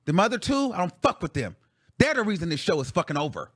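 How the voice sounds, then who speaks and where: A man's voice: high-pitched, sing-song, fast talker, fairly bright tone, dry recording, studio quality. A man hosting his own show, ranting bluntly and profanely in heated commentary. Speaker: talk show host.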